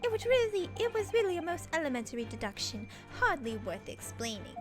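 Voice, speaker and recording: A woman puts on a pompous British gentleman detective, all lofty airs and grand pronouncements. The voice sits high and swoops about, taking its time. Game music plays behind. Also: sing-song, brisk. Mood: grandiose. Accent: put-on British. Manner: grandiose, theatrical deductions.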